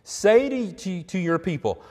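A man's voice: high-pitched, animated, measured pace, a little mellow. Preaching man in a reverberant hall. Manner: earnest, conversational preaching with emphatic swells. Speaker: pastor. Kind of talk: sermon.

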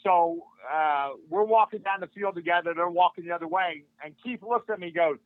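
An older man, a martial arts instructor guesting on a podcast, tells a casual story with animated energy, acting out the dialogue of the people in it. His voice is high and a little fast with hardly any pauses, heard over a tinny, phone-like line that's completely dry.

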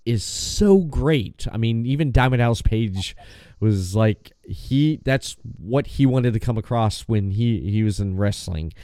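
A man's voice: mid-range voice, clean tone, no room sound. A man hosting a wrestling podcast, chatting casually and often restarting his phrases. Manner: relaxed, halting, restarts phrases. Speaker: podcast host.

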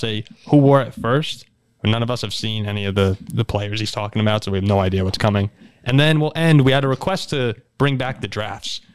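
A man's voice: medium pitch, smooth. A man hosting a casual sports podcast, steering the talk and asking viewers for likes and comments. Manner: upbeat, steers the show and asks for likes and comments. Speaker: podcast host.

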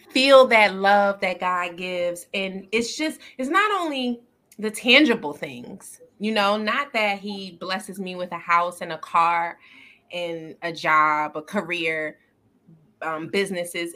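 A woman's voice: mid-range voice, pushed and bright. A woman co-hosting a faith podcast in casual chat, earnest and upbeat, laughing often. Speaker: podcast co-host.

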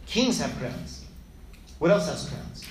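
A teacher giving a lively lesson, asking and answering their own questions and acting out the story. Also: medium pitch, slow pace, a little hiss or hum. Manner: animated, asks and answers own questions, acts out voices. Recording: echoey room with faint ambience.

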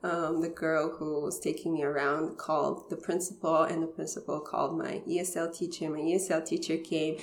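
A woman in her thirties with a Bulgarian accent, her first language, talks as a podcast guest, lowish in pitch and chatty, with lots of fillers and small laughs. The recording has a roomy echo around her voice. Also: flat delivery, normal speed, hardly any pauses, slight background noise. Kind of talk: casual personal storytelling.

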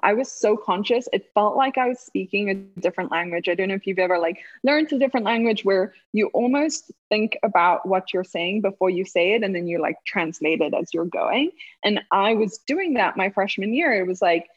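A woman's voice: medium pitch, lively intonation, fairly quick, hardly any pauses, lo-fi sound. A woman of about thirty from South Africa, with a South African accent now tinged with a Southern US twang, chatting in an interview and laughing often. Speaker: interview guest, former college runner. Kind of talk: casual interview chat.

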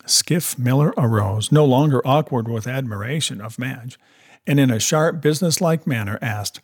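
A man narrating a story in a measured, even reading. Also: mid-range voice, husky.

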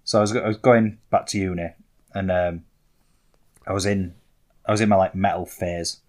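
A man's voice: low voice, fairly even intonation, moderate pace. A young man, telling rambling, self-mocking stories as a podcast co-host. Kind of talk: casual storytelling chat.

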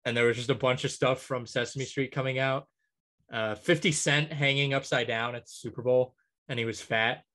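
A man in casual podcast chat, working through a long list out loud. He fills the gaps with ums and uhs and laughs lightly at his own picks. His voice sits at an ordinary middle pitch. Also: fairly even intonation, moderate pace. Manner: rambling list with many ums, chuckling. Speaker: podcast co-host.

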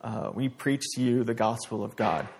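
A young man delivering a relaxed sermon at a middle pitch, talking it through plainly rather than orating. He stops and restarts often, leaning on fillers as he works from a scripture passage to everyday examples. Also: creaky. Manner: conversational, halting, many restarts and fillers. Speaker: preacher. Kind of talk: casual sermon with Bible reading.

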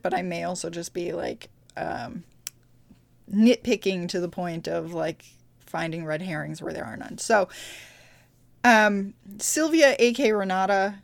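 A woman's voice: mid-range voice, gravelly, no room sound. A woman co-hosting a casual podcast chat about a TV show, chatty and full of fillers and self-corrections. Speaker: podcast co-host. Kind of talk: casual chat recapping a TV episode.

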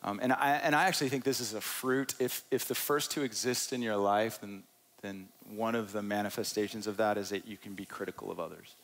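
A man's voice: on the low side, fairly even intonation, a little fast, a bit bright. A man pastor delivering a sermon from a church stage, earnest and repeating key phrases for emphasis.

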